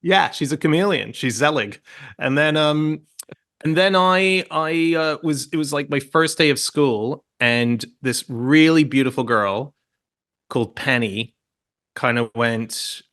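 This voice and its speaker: A man's voice: mid-range voice, a little slow, a bit bright. Rambling man in his late thirties. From Hong Kong. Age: late 30s. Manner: rambling, self-interrupting storyteller. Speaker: podcast guest. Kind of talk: casual interview chat.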